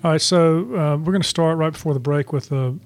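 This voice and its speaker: Easygoing male radio host, higher voice. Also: fairly even intonation, fairly quick. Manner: easygoing, affirming, lots of fillers. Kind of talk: casual on-air chat.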